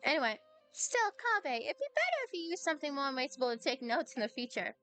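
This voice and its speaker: Woman streamer reading a little fairy companion, high, chirpy game dialogue. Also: very animated, fast, a bit bright, soft background music. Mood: chatty.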